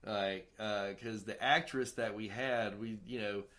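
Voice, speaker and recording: A man hosting a podcast, telling film-set stories in a casual, profane, animated way. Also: fairly low pitch, a little slow. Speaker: podcast host and film director. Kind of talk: casual storytelling chat.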